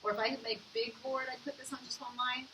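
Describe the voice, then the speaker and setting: A woman teacher giving an online phonics lesson to young children. She speaks encouragingly and sounds words out slowly. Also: high-pitched, level tone, distant mic, noisy background.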